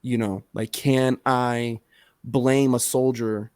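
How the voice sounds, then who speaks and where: A man's voice: medium pitch, level tone, slow pace, a little mellow, clean tone, dry recording, clean studio sound. A man co-hosting a podcast, talking in a rambling casual way with lots of fillers and swearing. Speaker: podcast co-host.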